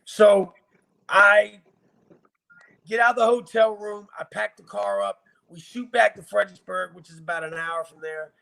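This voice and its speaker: A man's voice: sits high, lively intonation, moderate pace, creaky, pushed and bright. A man from Virginia bluntly recounting hard times in a casual, profane, emotional interview. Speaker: guest telling his life story.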